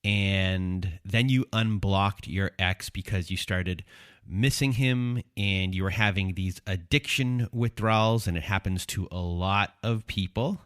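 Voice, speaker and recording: A male host recaps his guest's story in a calm, deliberate way before putting a question to her. He speaks slowly, with a fairly low voice and a dry, close sound. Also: smooth, no echo. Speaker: podcast host.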